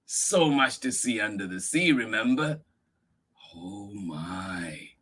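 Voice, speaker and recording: Storytime guy reading a kids book, super slow and drawn out, bouncy up-and-down voice, keeps asking the kids stuff. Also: fairly low pitch, sing-song, sharp tone, slightly rough. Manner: exclaiming, asking the listening children questions. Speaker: storytime host reading a picture book to children. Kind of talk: animated read-aloud for kids.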